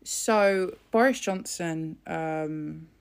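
A woman in casual commentary, talking bluntly and scornfully and swearing freely. Her voice sits a bit low and has a gravelly fry. She fills her pauses with "um".

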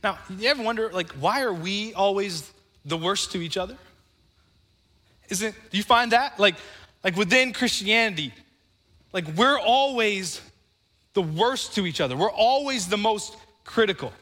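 Male pastor, high voice, bright and forceful, conversational preaching, congregation call-outs. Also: expressive, moderate pace, long reverb tail. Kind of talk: sermon.

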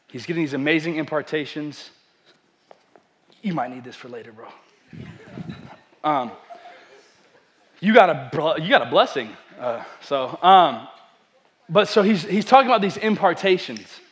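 Young male pastor, fairly high voice, animated storytelling sermon with self-deprecating humor. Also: normal speed, pauses often.

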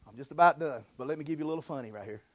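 A man's voice: fairly high pitch, very fast, no echo. A man preaching a fervent sermon, punctuating his phrases with "amen" and short chuckles.

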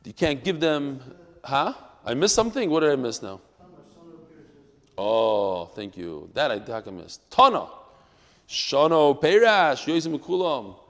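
A man leads a Talmud class in a fairly high voice. He talks animatedly, dropping into quiet asides and then rising to loud, emphatic bursts. His voice carries a long reverb from the room. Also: sing-song, unhurried. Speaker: Torah teacher.

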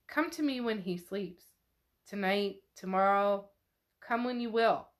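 A woman voicing a sad, possessive male demon spirit, reading his lines slowly in a plain, mournful voice in a podcast recap. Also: mid-range voice, lightly acted. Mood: pleading.

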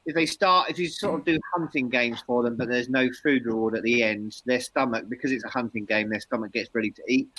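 A man with a bright, forward tone co-hosting a relaxed chat. He banters playfully and then settles into patient explanations of dog behaviour. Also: medium pitch, a little fast, few pauses, husky, dry recording, poor audio. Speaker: dog trainer co-host. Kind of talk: casual live-stream chat.

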